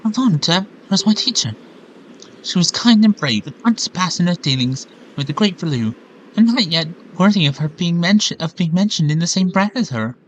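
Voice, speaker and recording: Guy doing a polite bird-girl from a video game, voice pushed up high, earnest and sorry, hopping between fake accents. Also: lively intonation, a little fast, a little hiss or hum, rough recording. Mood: admiring. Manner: reads lines in shifting mock accents. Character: earnest young bird-woman attendant, apologetic. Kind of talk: reading game dialogue aloud.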